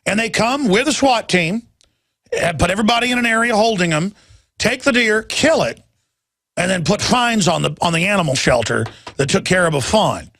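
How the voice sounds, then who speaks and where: A male talk radio host rants with heat and emphasis, stumbling over restarts as he pushes on. His voice is gravelly and a little higher than usual. The sound is dry and close. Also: fairly quick, a bit bright, dry recording. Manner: heated, emphatic, stammering restarts. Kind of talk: ranting talk radio monologue.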